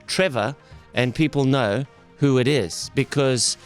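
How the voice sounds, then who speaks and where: A man's voice: mid-range voice, unhurried, smooth, faint music behind. A man, a radio host and comedian, talking in a friendly, reminiscing way with a guest. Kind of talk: radio interview.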